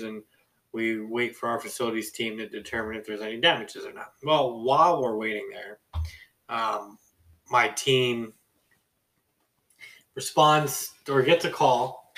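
A young adult man casually telling a story from his job on a podcast, animated and acting out the people in it. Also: medium pitch, distant mic, rough recording. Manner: animated, acts out quoted people with a raised voice. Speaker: podcast host.

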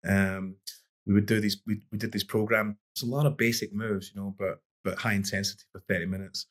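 Talking a little fast in a fairly low, level voice, a middle-aged boxing coach guests on a podcast. He shares stories in an easygoing way, wandering and often starting over.

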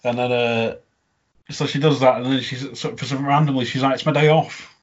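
A man's voice: mid-range voice, level tone, fairly quick, highs cut off. A man, chatting casually as a podcast co-host and laughing often as he recaps an episode. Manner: chatty, laughing often, quoting lines in funny voices.

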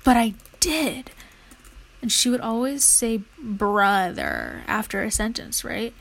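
A woman's voice: on the high side, measured pace, poor audio. A young woman vlogging casually while studying, rambling and chatty, now and then murmuring her notes half under her breath.

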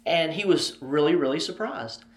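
A man's voice: a little high, lively intonation, moderate pace. A man telling a personal story as an interview guest, animatedly acting out the dialogue. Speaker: ministry president, interview guest. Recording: roomy echo.

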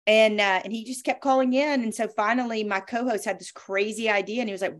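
A woman's voice: on the high side, brisk. A woman, a former sportscaster, speaking as a guest in an interview and telling her stories with emphasis and energy. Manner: emphatic, animated storytelling. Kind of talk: conversational interview.

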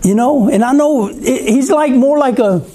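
High-voiced preacher, mellow. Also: male voice, moderate pace, breathy edge. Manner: conversational preaching, asks the congregation questions. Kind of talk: sermon.

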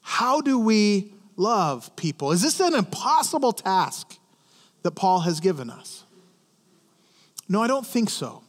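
Guy preaching a chatty sermon, high voice, long echo like a big church hall. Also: sing-song, slow pace. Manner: conversational, stammering restarts, questions to the congregation. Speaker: pastor. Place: church service.

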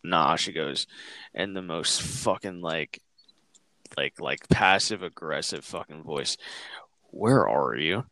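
A young man with a low voice tells a rambling story in casual chat. He swears constantly and talks in loose slang. The sound is close and dry, with no room in it. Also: slow pace, pushed and bright, dry recording. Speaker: podcast host.

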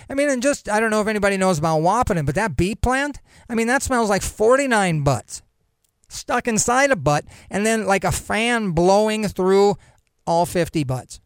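A man's voice: high voice, clear, resonant tone, no echo, studio quality. A man hosting a podcast on his own, joking and rambling as he reads news items aloud and wanders off into asides. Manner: rambling, joking, self-interrupting. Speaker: podcast host. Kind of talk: casual solo commentary, reading news aloud.

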